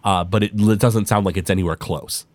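A man narrating as game master, halting with frequent uhs. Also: deep voice, steady tone, darkish tone, no echo.

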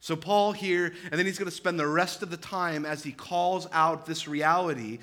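A man's voice: fairly high pitch, fairly even intonation, normal speed, pushed and bright. A man in his thirties preaching a sermon, earnest and emphatic, with conversational asides and repeated phrases. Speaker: pastor.

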